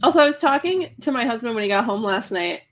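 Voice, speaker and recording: An American woman joins a relaxed video chat with dry, self-mocking humor. Her voice is on the high side and moves a lot in pitch. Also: quick pace. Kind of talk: casual chat on a video call.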